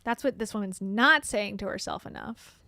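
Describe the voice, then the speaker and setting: A woman's voice: mid-range voice, normal speed, creaky, bright, forceful tone, faint music behind. A woman hosting a casual commentary show, reacting to online videos in a candid, chatty way and laughing often. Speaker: host.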